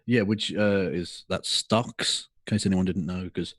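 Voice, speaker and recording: A man's voice: low voice, fairly even intonation, unhurried, fairly bright tone, no room sound, clean studio sound. A man co-hosting a casual podcast chat, sarcastic and mocking, swearing freely. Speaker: podcast co-host.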